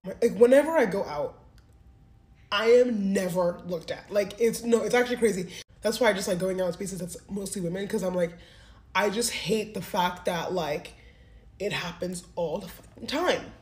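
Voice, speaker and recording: A woman's voice: medium pitch, moderate pace, darkish tone. A young woman in her twenties recounts her night out in a candid, rambling way, scattering "like" through her talk. Her voice rings back off the walls of a roomy space. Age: 20s. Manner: candid, rambling, heavy use of "like". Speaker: vlogger. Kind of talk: casual storytelling to camera. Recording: roomy echo.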